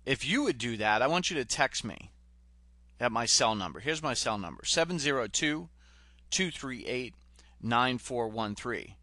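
A man's voice: mid-range voice, lively intonation, normal speed, pushed and bright, dry recording. A man giving a direct, pushy motivational talk as a sales coach. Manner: direct, pushy, retells film scenes.

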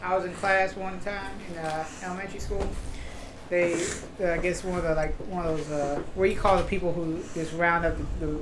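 A man casually telling school stories as a podcast guest, pausing often with fillers. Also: high voice, flat delivery, noisy background. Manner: hesitant, many fillers. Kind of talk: casual chat, storytelling.

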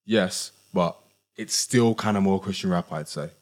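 A man's voice: sits low, measured pace. A man, hosting a casual podcast chat in a laid-back, rambling way. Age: 20s. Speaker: podcast host.

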